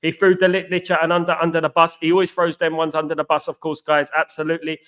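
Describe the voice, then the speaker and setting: Man, fairly high voice, live stream host, repeats himself, shouts out viewers by name. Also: fast, clean tone. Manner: repetitive, animated, greets viewers by name. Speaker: watchalong host.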